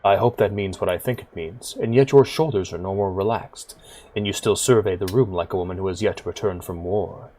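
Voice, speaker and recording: A man voicing a big, weary bar owner who talks low, quietly and somberly. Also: fairly quick. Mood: grave.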